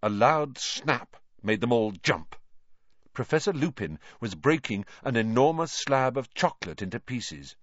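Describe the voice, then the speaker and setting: A man reading an audiobook aloud in a slow, dramatic, expressive way. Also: mid-range voice, no room sound, lo-fi sound. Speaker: audiobook reader. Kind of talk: audiobook narration.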